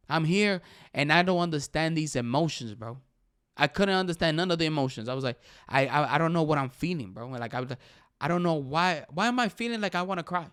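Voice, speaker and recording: A young man hosting a casual talk show, excitedly giving his opinions, switching between English and Spanish and saying "bro" all the time. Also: mid-range voice, clean tone. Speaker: podcast host.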